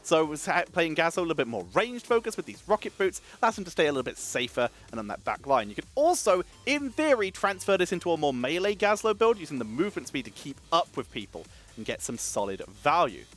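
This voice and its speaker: A man casting a live esports match, energetic and chatty, wired on caffeine and thanking subscribers between calls of the play. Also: on the high side, fast, few pauses, soft background music. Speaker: esports caster.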